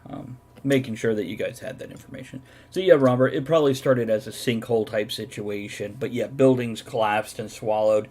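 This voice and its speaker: A man's voice: on the low side, a little fast, few pauses, darkish tone. Methodical male game master. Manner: explanatory, methodical, often laughing. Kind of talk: running a tabletop game over voice chat.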